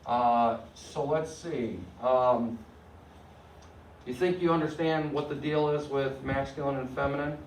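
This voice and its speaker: A man's voice: medium pitch, steady tone, unhurried, slight background noise. A man teaching a Spanish class, explaining grammar step by step and often checking that students follow. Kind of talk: classroom lecture. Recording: echoey room, mic at a distance.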